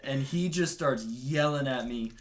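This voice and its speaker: A man's voice: medium pitch, unhurried. A man chatting as a podcast guest, rambling through a story and laughing often. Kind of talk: casual podcast chat.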